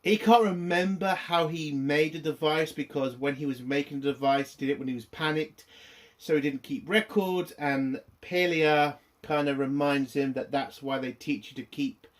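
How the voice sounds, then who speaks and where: A young British man with a British accent giving a casual, sweary spoken TV review full of fillers. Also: mid-range voice. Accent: British English. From Britain. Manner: sweary, ranting, lots of fillers. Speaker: TV review host.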